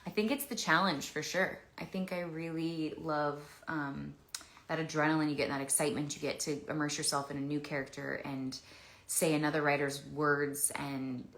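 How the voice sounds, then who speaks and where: Low-voiced woman chatting on a livestream. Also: little pitch movement, moderate pace. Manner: rambling and warm, with many restarts and fillers. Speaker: actress answering fan questions. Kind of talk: casual livestream chat. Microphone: phone. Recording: echoey room.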